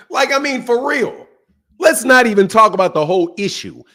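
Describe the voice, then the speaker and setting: A middle-aged man rants as host of his boxing show, mocking his critics with a steady stream of profanity. His voice sits fairly high and leaps around in pitch, swinging from loud outbursts to muttered asides. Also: a little slow. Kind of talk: ranting commentary.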